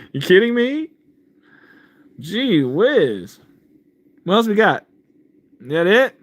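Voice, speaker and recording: A man's voice: on the high side, sharp tone. A man hosting a casual livestream about faith, reading viewer comments and answering them. He rambles loosely, chuckles often and keeps saying "man".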